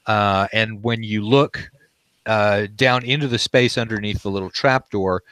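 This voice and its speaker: Male game master, low voice, dry close sound, casual describer. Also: measured pace, a bit bright, smooth, no room sound. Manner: loose, conversational scene description. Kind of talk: narrating a tabletop game.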